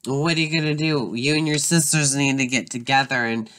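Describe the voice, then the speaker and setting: A performer voicing a bitter, hard-drinking middle-aged mother in a doll drama, speaking in slow, cutting accusations. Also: mid-range voice, a bit bright, natural voice.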